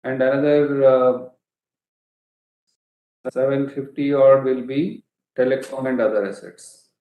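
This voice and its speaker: On an earnings call, a male company executive answers analysts' questions in a measured way, with frequent filler pauses and self-corrections. His mid-range voice has little pitch movement, and the audio is roomy and phone-quality.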